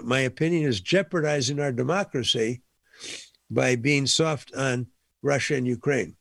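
A man's voice: mid-range voice, dry recording, studio quality. A man giving impassioned political commentary, emphatic and repeating his points for force.

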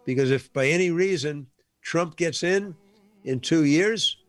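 Guy ranting politics, kinda high voice, hammers points over and over, dry close sound. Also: measured pace, no echo, soft background music. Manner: emphatic, repeats points for force. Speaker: political commentator. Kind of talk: impassioned political commentary.

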